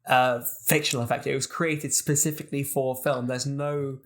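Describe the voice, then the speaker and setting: A man's voice: mid-range voice, level tone, normal speed, fairly bright tone. A man co-hosting a casual film podcast, dry and explanatory. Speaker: podcast co-host. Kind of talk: casual film-review chat.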